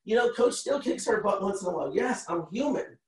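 Male podcast guest, thirties, animated storyteller who repeats himself, recorded far off in a roomy space. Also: high voice, a little fast. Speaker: podcast guest, motivational speaker. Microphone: call recording. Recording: roomy sound, distant from the mic.

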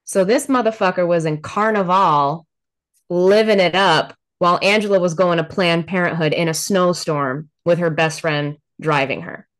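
Woman, 40s, low-pitched, blunt and profane, laughs often, candid podcast guest. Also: moderate pace. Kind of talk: candid personal storytelling.

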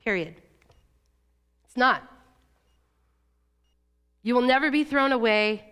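High-voiced woman preaching a personal story. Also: expressive, fairly bright tone, clean tone. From Oregon, USA. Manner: emotional, confessional storytelling with quick shifts in pitch. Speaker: church staff speaker. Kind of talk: sermon.

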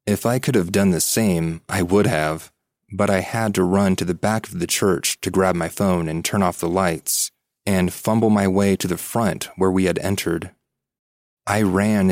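Male podcast host, low register, dry close sound; measured, suspenseful scripted horror narration. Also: a little mellow, no echo. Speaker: podcast host reading listener stories.

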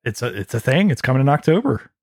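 A man's voice: medium pitch, big pitch swings, quick pace, darkish tone, dry recording, clean studio sound. A man co-hosting a casual gaming podcast, talking in an eager, playful way. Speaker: podcast co-host. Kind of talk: casual chat.

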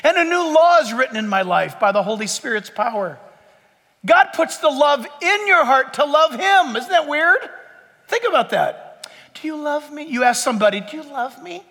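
A man preaching a lively sermon in a church, acting out the voices of his listeners. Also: extremely high pitch, moderate pace. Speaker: pastor. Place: church sanctuary before a congregation. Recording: long church hall reverb.

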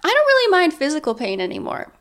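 A young woman co-hosting a podcast chats casually and rambles with plenty of fillers. Her voice sits high, swoops wildly in pitch, sounds a bit bright, and moves fast.

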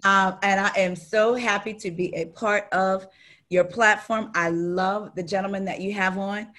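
A woman's voice: medium pitch, fairly even intonation, measured pace, a bit bright. A woman guesting on a podcast in casual chat, giggly and playful. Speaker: podcast guest, fellow host.

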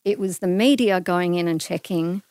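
A woman's voice: fairly low pitch, moderate pace, clean tone, dry recording. A middle-aged woman from Australia, a podcast guest telling a personal story in casual conversation and acting out the dialogue. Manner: animated, acts out dialogue in her stories.

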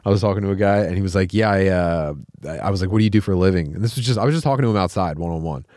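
A man co-hosting a podcast, telling lively anecdotes close to the mic and teasing his co-host. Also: sits low, no echo. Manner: animated anecdotes, quick laughs, teasing. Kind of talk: casual comedic chat.

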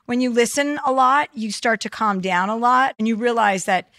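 A woman's voice: on the high side, a bit bright, no echo, clean studio sound. A woman hosting an advice podcast, talking frankly and profanely in a casual chat. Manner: frank and profane, quick laughs. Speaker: podcast host. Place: Whistler.

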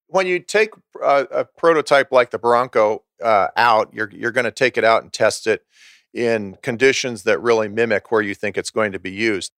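A man being interviewed, telling a story in a relaxed way with many restarts and chuckles. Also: lowish voice, normal speed, smooth, no room sound, studio quality. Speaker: author and historian interviewed.

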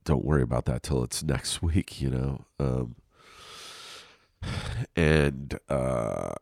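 Very deep-voiced stuffy man. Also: slow pace, vocal fry, a little mellow, dry recording, clean studio sound. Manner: rambling, profane, self-deprecating. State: stuffy nose from a cold. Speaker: podcast host. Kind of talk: casual solo podcast monologue. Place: lying on his couch at home.

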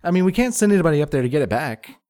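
A man's voice: a little high, big pitch swings, racing, a little mellow. A man co-hosting a podcast, joking and riffing in casual chat. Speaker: podcast co-host.

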